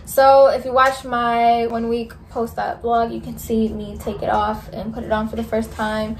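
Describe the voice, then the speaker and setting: A woman's voice: a little high, darkish tone, slight background noise. A young woman in her twenties, a vlogger giving a candid, chatty recovery update full of "like" fillers. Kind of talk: casual recovery update vlog.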